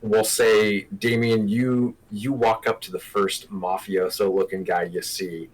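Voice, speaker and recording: A man's voice: lowish voice, flat delivery, measured pace, low-quality recording. A man running a tabletop horror game as game master, narrating in a wry way.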